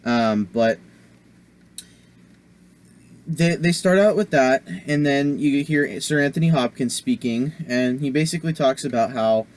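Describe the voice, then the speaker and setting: A man giving a casual movie review on his vlog, rambling with many fillers and self-corrections. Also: medium pitch.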